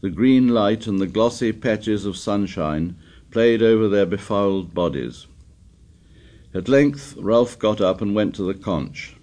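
A man narrating an audiobook in a measured, steady reading voice. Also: fairly low pitch. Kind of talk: scripted narration.

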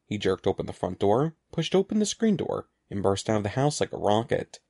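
Casting: expressive male storybook narrator, dark and gravelly, animated delivery. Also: fairly low pitch, a little fast. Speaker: audiobook narrator.

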